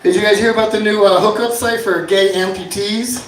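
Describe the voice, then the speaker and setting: A man doing a stand-up comedy set, dry one-liners broken up by loud shouted bits, at an inn bar. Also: high-pitched, steady tone, fairly quick. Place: inn bar with live audience. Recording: echoey bar room from far off.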